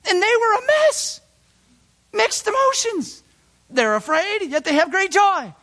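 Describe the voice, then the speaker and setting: A man delivering a sermon with dramatic swings, sinking into hushed, low phrases and climbing into loud, high bursts of excitement. Between these he drops into folksy asides, stumbling and restarting words as he goes. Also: measured pace. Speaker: pastor.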